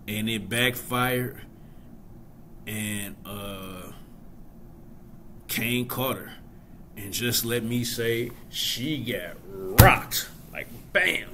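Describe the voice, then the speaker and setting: A man in a casual review video, talking through a TV episode in a chatty, animated way. His voice is bright and crisp, and he speaks at an unhurried, drawn-out pace with a faint hiss underneath. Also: medium pitch. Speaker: host.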